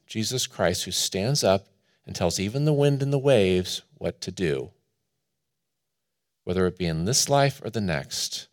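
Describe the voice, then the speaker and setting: In an unhurried sermon, a deep-voiced pastor recounts a personal story with earnest feeling and big pitch swings. His voice rises in volume, then sinks to a hush.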